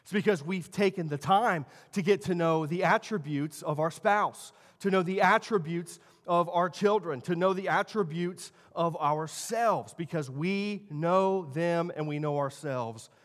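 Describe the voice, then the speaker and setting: A man in his thirties preaching a sermon as pastor, telling stories and shifting between quiet asides and loud emphasis. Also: high-pitched, unhurried, few pauses. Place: church sanctuary. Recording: long church hall reverb.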